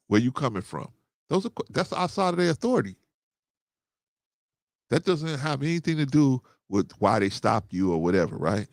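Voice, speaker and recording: Telling a story in a casual talk, this animated male podcast host, in his thirties or older, quotes other people and often ends lines with "man" or "right?" His mid-range voice is gravelly, and the studio-quality recording is dry.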